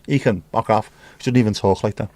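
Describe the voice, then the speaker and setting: A man's voice: fairly low pitch, fairly even intonation, fast, darkish tone, no echo. Chatty male livestream host. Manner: chatty, cheeky banter with viewers. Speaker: livestream host reading chat. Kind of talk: casual chat. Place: home room.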